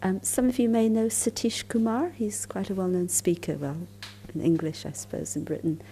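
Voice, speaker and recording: Calm, mellow-voiced woman telling stories. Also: medium pitch, slight background noise. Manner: calm, unhurried storytelling with soft near-whispered asides. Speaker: spiritual teacher giving a talk. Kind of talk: storytelling lecture at a conference.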